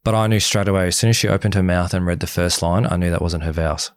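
A young man, a podcast guest, telling his story candidly and quickly, acting out the back-and-forth of past conversations. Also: sits low, clear, resonant tone. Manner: fast, animated retelling, acts out quoted exchanges. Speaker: podcast guest, former reality show groom.

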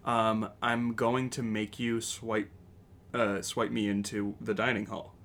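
A man's voice: on the low side, little pitch movement, slow, a bit bright. A young man in casual podcast chat, rambling with fillers and laughing often. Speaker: podcast co-host.

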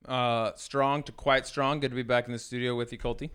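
A man co-hosts a laid-back sports podcast from a studio. He rambles through anecdotes and corrects himself along the way. His voice is smooth and clear at an ordinary pitch. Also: level tone, fairly quick, a bit bright. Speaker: podcast co-host. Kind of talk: casual storytelling chat.

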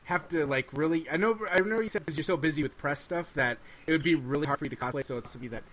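Male host moderating a panel, brisk and upbeat. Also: a little high, a bit bright.

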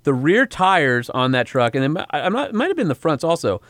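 A man's voice: a little high, big pitch swings, fairly quick, a bit bright, no echo, clean studio sound. A male co-host and car journalist, chatting casually and rattling off technical numbers with enthusiasm. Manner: enthusiastic about technical specs, recites numbers. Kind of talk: casual chat.

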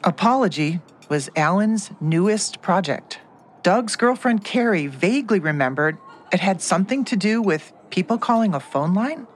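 A woman's voice: medium pitch, expressive, moderate pace, slight background noise. A woman narrating a true story in first person, scripted.

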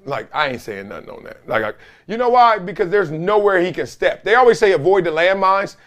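High-voiced man riffing on sports. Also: a little fast. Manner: animated, slangy storytelling with laughs. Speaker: sports talk show host. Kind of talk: casual sports commentary.

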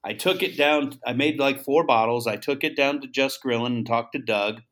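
A man of middling pitch tells a long story as an interview guest. He talks about founding his seasoning brand. He acts out the voices of the people in it and often repeats or restarts words. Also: normal speed. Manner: animated storyteller acting out dialogue.

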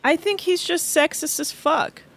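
A woman's voice: very high voice, measured pace, vocal fry, a bit bright. A woman co-hosting a podcast in casual recap chat, chatty, laughing often and saying "like" a lot. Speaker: podcast co-host.

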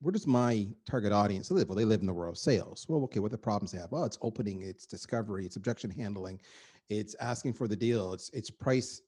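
A middle-aged man, a guest on a podcast, talking in an energetic and emphatic way and repeating words for effect. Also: lowish voice, fast talker, slightly rough. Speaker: guest, marketing executive. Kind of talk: animated podcast conversation.

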